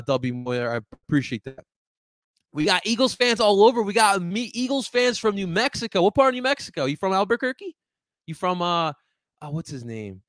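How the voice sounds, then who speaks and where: A man hosting a casual live-stream sports show. He greets chat loudly, drops into low asides, and rambles with frequent restarts. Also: no echo. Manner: animated, swings from loud greetings to low asides.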